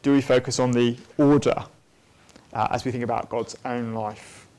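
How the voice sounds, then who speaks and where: A man's voice: medium pitch, steady tone, moderate pace, dark tone. A man giving a church teaching talk on theology, thoughtful and unscripted, with frequent ums and restarts. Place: church hall at a weekend away.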